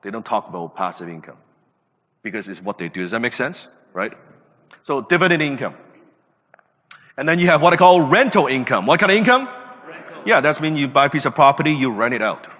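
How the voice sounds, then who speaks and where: A man in his late thirties hosts a podcast, delivering an emphatic motivational talk full of rhetorical questions. His voice is bright and forward. It rings out in a long, reverberant room. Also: mid-range voice, very animated, brisk, long pauses. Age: late 30s. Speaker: podcast host.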